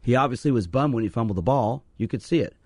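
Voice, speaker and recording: A man's voice: medium pitch, fast talker, darkish tone, slightly rough, no echo, clean studio sound. A man hosting a call-in radio show as a sports psychologist, talking earnestly and telling stories to encourage listeners to call. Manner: earnest, storytelling, repeats phone number.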